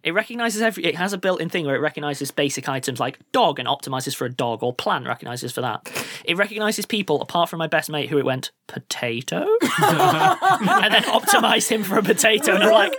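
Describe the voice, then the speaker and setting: A game master, narrating a tabletop game with quick jokes and frequent laughs. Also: mid-range voice, very animated, fairly bright tone, dry recording. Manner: quick joking asides, laughs often. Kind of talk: playful game narration and banter.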